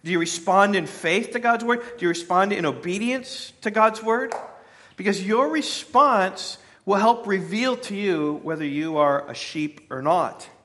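Pastor, male, bright and fairly high voice, easygoing sermon delivery. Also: unhurried. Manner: conversational, with fillers and playful asides to the congregation.

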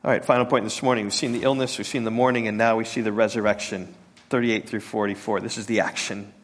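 A man preaching a sermon as a pastor, halting and repeating words, sinking to a soft hush on tender points. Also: on the low side, fairly even intonation.

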